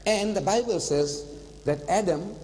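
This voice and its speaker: An older man giving an animated religious lecture, telling stories and slipping in phrases. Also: high-pitched, a little slow. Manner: animated storytelling, switching into Hindi-Urdu phrases. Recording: long hall reverb.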